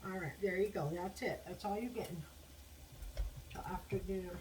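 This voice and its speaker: A woman's voice: lowish voice, normal speed, a little mellow. A woman chatting casually while she cooks in her home kitchen, blunt and swearing now and then as she talks to herself. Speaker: home cooking vlogger. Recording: distant mic with audible noise.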